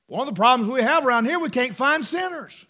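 A middle-aged man preaching a sermon, fervent, swinging between loud bursts and hushed asides. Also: very high-pitched, expressive, fast talker.

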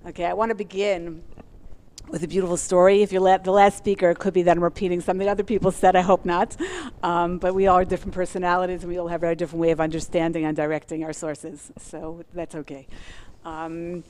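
A woman teaching a religious class, talking fast and eagerly as she works through her source sheets. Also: lowish voice, little pitch movement, darkish tone.

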